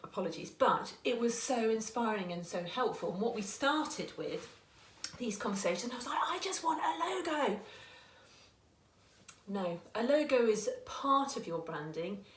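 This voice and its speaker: A woman in her forties who owns a small business gives earnest, chatty advice to camera, often restarting her sentences. Her mid-range voice has lively intonation and a normal speed, and the room sounds echoey.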